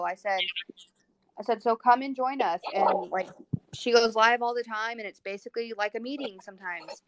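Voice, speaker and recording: A woman joining a live stream, telling a story in an animated, profane way. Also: a little high, normal speed, noisy background. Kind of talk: casual live-stream chat.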